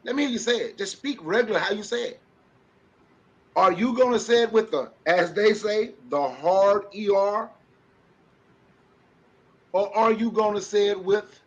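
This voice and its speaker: On a podcast livestream, a male panelist delivers impassioned commentary, preaching through rhetorical questions. His voice is high-pitched with a breathy edge, and the stream audio is dull and lo-fi.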